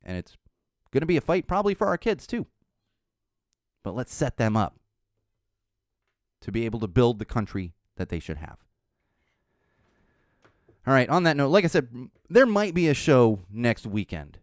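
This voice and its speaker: A man's voice: medium pitch, big pitch swings, moderate pace, long pauses, no room sound, clean studio sound. A man hosting a podcast, ranting bluntly about politics with lots of swearing, then signing off the episode. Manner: impassioned, blunt, swears freely. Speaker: podcast host. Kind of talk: political podcast rant and sign-off.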